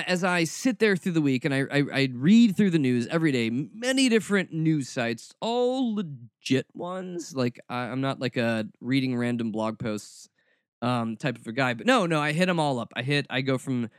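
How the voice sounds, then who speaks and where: A man's voice: mid-range voice, lively intonation, moderate pace, no room sound, studio quality. Sarcastic man hosting a snarky podcast. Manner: sarcastic, snarky, mock-dramatic. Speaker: podcast host. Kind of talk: casual commentary podcast.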